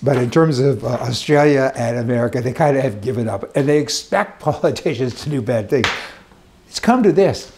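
A man's voice: medium pitch, normal speed, noisy background. A man giving opinionated political commentary in an emphatic, rambling rant, talking indoors beside a fireplace.

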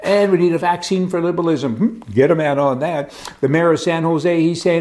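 A man's voice: fairly high pitch, fairly quick, darkish tone. A man hosting a talk monologue, telling stories casually and adding sarcastic asides. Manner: chatty storytelling, sarcastic asides. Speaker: talk show host. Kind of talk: casual political commentary monologue.

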